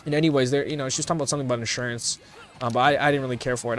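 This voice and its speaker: A man's voice: mid-range voice, fairly even intonation, rapid-fire, soft background music. A young man vlogging, telling casual stories to his viewers in a rambling, self-mocking way with many restarts. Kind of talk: casual storytelling to camera.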